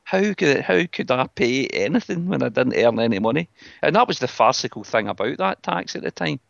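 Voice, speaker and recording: A man's voice: medium pitch, big pitch swings, a little fast, gravelly, a bit bright, no room sound. A middle-aged Scottish man hosting a casual podcast chat, talking bluntly and with scorn. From Scotland. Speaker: podcast host. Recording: dull lo-fi dry sound.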